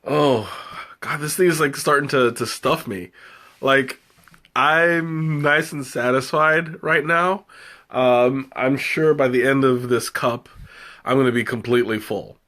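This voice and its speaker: A man's voice: mid-range voice, a little slow, a bit bright. A man hosting a live tea tasting, chatting casually and rambling with many fillers and restarts. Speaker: livestream host tasting tea.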